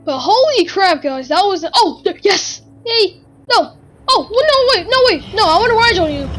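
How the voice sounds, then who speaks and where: A woman giving excitable gaming commentary, full of gasps and exclamations. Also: very high-pitched, moderate pace, soft background music, rough recording. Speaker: gamer.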